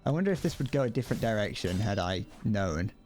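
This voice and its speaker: A man's voice: lowish voice, sing-song, quick pace, a little mellow, faint music behind. Rambling young man streaming a game. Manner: rambling, self-deprecating, frequent laughs and restarts. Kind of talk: casual gameplay commentary.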